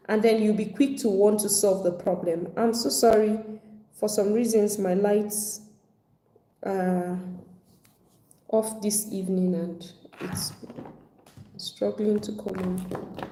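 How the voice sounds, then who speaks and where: A woman's voice: medium pitch, measured pace, mellow. A woman teaching a live online personal finance class, speaking conversationally and acting out other people's complaints. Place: home at evening, video call. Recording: echoey room.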